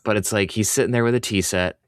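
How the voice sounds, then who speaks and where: A man's voice: fairly low pitch, fairly even intonation, quick pace, clean tone, no echo, studio quality. A man co-hosting a podcast in casual chat, hesitant with many fillers but opinionated. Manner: hesitant, full of ums and likes, opinionated. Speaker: podcast co-host.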